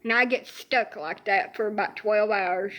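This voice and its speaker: A woman's voice: mid-range voice, unhurried, fairly bright tone. A woman, ranting profanely in a casual comedic monologue about her aching body. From Alabama. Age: 30s. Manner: profane, exaggerated complaining storytelling. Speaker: social media streamer.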